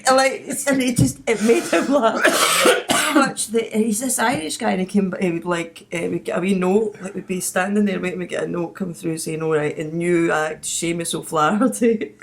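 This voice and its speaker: A middle-aged woman hosting a podcast in casual chat, a chatty storyteller whose voice often drops and trails off softly. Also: medium pitch, normal speed, vocal fry, slight background noise. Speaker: podcast host.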